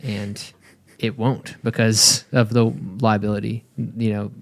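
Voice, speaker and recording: A man's voice: on the low side, little pitch movement, unhurried. A man co-hosting a casual podcast, losing his voice and rambling loosely with lots of fillers. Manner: laid-back, rambling with fillers. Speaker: podcast co-host. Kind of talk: casual chat.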